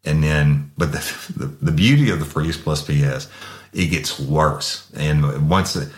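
A man's voice: very deep voice, a little slow, roomy sound. A man hosting a true-crime podcast, telling a story from his police career in a blunt, profane way. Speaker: podcast host, former officer.

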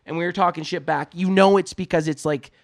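A loud young man from Canada with a high-pitched voice, joking and cursing through a casual podcast chat. The sound is dry and close. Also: fairly even intonation, brisk, no room sound. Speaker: podcast co-host.

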